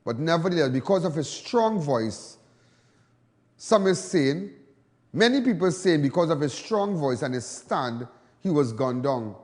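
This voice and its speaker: A man's voice: on the high side, animated, measured pace, in a large hall. A Trinidadian man hosting live television talk, emphatic, repetitive and defiant. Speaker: TV host.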